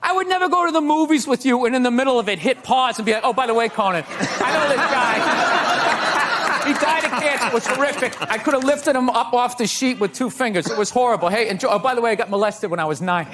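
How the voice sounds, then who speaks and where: A man's voice: extremely high pitch, fast talker. A man ranting comically and with exasperation as a talk show guest. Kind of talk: comic rant. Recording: noisy studio with loud audience.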